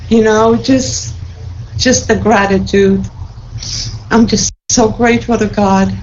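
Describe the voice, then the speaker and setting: A woman speaks slowly and fervently, tearful with joy as she gives a spiritual testimony, circling back to the same words of thanks and blessing. Her voice sits in a middle pitch. It comes through dull, lo-fi call audio with a faint hiss behind it. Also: steady tone, darkish tone. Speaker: participant sharing a testimony.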